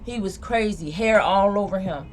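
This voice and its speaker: A woman's voice: medium pitch, moderate pace, a little mellow, soft background music. A woman who reads tarot, telling a dream in a loose, slangy, rambling monologue. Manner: slangy, rambling, repeats herself. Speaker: tarot reader. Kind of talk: casual monologue recounting a dream.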